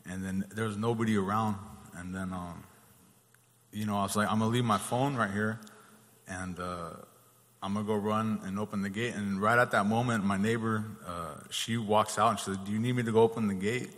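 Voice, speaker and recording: Low-voiced man telling a family story. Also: brisk, long reverb tail. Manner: plain, steady retelling with many fillers. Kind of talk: casual storytelling.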